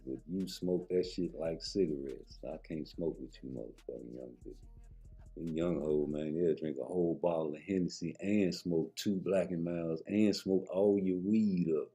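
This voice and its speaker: Low, husky male vlogger; heated, profane, rambling hot takes. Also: fairly even intonation, normal speed, dark tone, faint music behind. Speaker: boxing commentary vlogger. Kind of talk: casual opinion rant.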